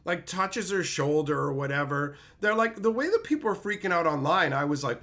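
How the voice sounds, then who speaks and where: A man's voice: fairly high pitch, lively intonation, a little fast, few pauses, fairly bright tone. A man streamer ranting in a profane, mocking way, mimicking people in silly voices. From Canada. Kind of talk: ranting commentary.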